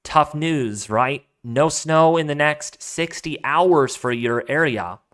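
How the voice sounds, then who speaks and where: A man talks his way through a casual weather live stream, rambling and thinking out loud as he answers viewers. His voice sits a little on the high side and comes through smooth and clear. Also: slow pace. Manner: chatty and rambling, thinking aloud. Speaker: weather livestream host. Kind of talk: casual live-stream chat reading donations.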